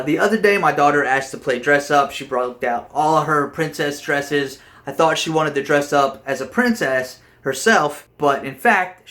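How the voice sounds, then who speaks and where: A man's voice: a little high, a bit bright. A father giving earnest, rambling advice in a casual vlog, and he is losing his voice. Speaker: vlogger.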